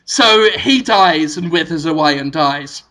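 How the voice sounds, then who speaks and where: A man's voice: a little high, animated, unhurried, sharp tone. A male podcast host telling a rambling, absurd improvised story with frequent giggles.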